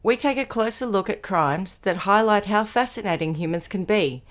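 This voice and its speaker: A woman's voice: mid-range voice, animated, moderate pace. A woman hosting a casual podcast chat, recovering from an illness, talking easily and laughing often from a home room padded with bedding. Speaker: podcast host. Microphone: home podcast mic.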